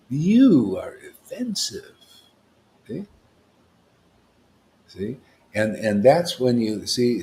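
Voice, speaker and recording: A man giving an informal spiritual talk as a teacher, rambling and often checking in with "see?" and "you know.". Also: lowish voice.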